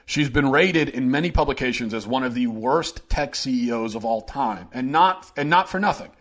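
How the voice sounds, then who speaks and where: A man's voice: mid-range voice, expressive, moderate pace, a bit bright. A man hosting an opinion commentary show, talking in a sarcastic, heated and mocking way. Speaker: host.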